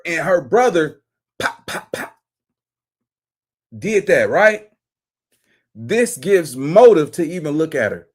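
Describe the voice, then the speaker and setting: A man hosting a commentary show, reacting to a clip in an animated, exclamatory, slangy way. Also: sits high.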